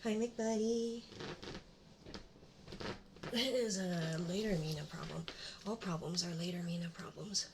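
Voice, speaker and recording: A woman's voice: on the low side, steady tone, a little slow, pauses often, noisy background. A young woman hosting a casual live stream from her home desk, rambling and muttering self-mocking remarks to herself as she sets up. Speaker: livestream host. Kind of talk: casual live-stream chat while setting up.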